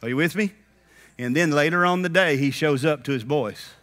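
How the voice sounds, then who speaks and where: A man preaching a dramatic sermon at a conference, swinging from quiet asides to shouted peaks and often checking in with the crowd. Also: fairly high pitch, normal speed. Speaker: conference speaker.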